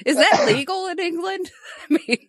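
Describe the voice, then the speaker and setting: A woman's voice: extremely high pitch, normal speed, no room sound, studio quality. A woman with an American accent from Ohio, chatting in a giggly, teasing and cheeky way as a podcast co-host. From Ohio, United States. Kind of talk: casual chat.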